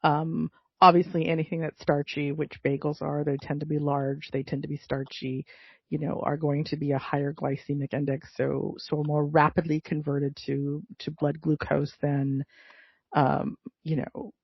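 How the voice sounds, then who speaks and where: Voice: medium pitch, little pitch movement, moderate pace, creaky, breathy edge, no room sound. Blunt ranting co-host, dry close sound, a bit muffled. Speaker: podcast co-host. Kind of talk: casual chat.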